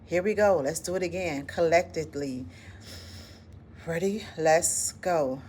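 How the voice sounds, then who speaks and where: A woman's voice: fairly low pitch, measured pace, darkish tone, slight background noise. Encouraging Southern woman guiding breathing. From Southern United States. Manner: encouraging, conversational, drops in "listen" and "like". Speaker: founder of an educators' wellness club. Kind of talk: casual self-care talk with guided breathing.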